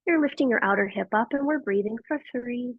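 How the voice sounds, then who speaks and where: A woman teaching a yoga class, giving gentle and encouraging cues with frequent praise, on tinny phone-like audio. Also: a little high, brisk, no room sound. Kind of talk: guiding a live yoga class.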